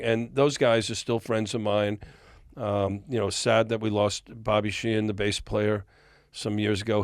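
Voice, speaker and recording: A man's voice: on the low side, dry recording, clean studio sound. An older man, a music industry guest on a podcast, telling long stories and acting out the dialogue. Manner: animated storyteller, acts out quoted dialogue. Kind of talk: storytelling in a podcast interview.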